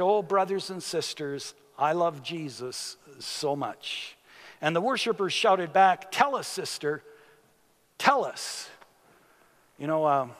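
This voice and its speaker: Man preaching a sermon real slow, kinda high voice, long echo like a church hall. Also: fairly bright tone. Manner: unhurried preaching with sudden emphatic rises. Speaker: pastor.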